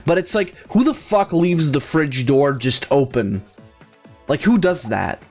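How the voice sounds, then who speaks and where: This gaming channel host is a young man whose voice sits on the high side, a little mellow, with lively intonation and a slightly slow pace. He rants casually over gameplay, rambling and cursing with lots of fillers and false starts, while faint music plays behind him.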